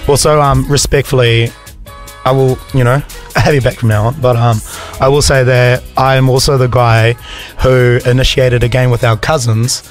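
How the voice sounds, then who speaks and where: A man's voice: mid-range voice, flat delivery, normal speed, faint music behind. A man co-hosting a radio show in an easygoing, teasing way. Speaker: radio host. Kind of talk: casual radio chat.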